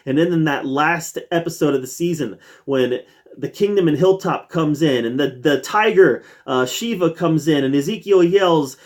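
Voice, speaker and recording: A man's voice: fairly high pitch, normal speed. A man hosting his own review channel, ranking TV seasons in an eager, casual way, with many fillers and restarts. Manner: enthusiastic, with frequent fillers and restarts.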